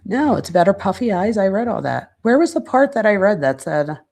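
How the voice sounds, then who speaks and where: A woman hosting a true crime channel, casually reading out quotes and commenting, pausing now and then to search her notes. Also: medium pitch, lively intonation, creaky, a little mellow.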